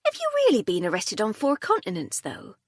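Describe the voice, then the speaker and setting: Woman reading cheeky young barmaid, chatty, storybook, lively pitch. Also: fairly quick, no room sound, clean studio sound. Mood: playful. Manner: chatty, playful, dialect grammar.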